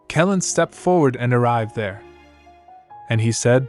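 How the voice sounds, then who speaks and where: Guy reading out a comic recap, flat even delivery, mid pitch, faint music under it. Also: normal speed. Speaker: narrator. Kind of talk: scripted manhwa recap narration.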